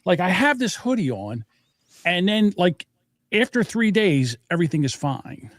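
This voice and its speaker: A man's voice: high-pitched, big pitch swings, normal speed, no room sound, studio quality. A middle-aged man co-hosting a podcast, chatting casually in a rambling, self-deprecating, scatterbrained way. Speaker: podcast co-host. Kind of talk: casual chat.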